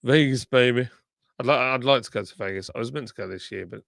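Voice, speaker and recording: Male streamer, mid-pitched and gravelly, casual chat-reading host with a slightly sore tongue. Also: fast, fairly bright tone, no room sound, clean studio sound. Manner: chatty, reads viewer comments aloud, thanks subscribers. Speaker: livestream host.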